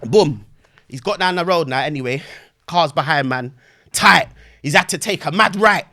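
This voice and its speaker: Young man, high voice, slangy animated storytelling, shouted sound effects. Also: moderate pace. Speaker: podcast guest. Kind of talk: animated storytelling in casual chat.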